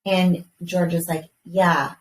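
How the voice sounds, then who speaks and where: A woman in her thirties with a slightly low voice tells a story in a lively way, swearing now and then and acting out her kids' lines. She sits away from the mic in an echoey room with faint hiss in the background. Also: slow pace, distant mic. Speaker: podcast co-host. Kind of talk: casual chat, storytelling.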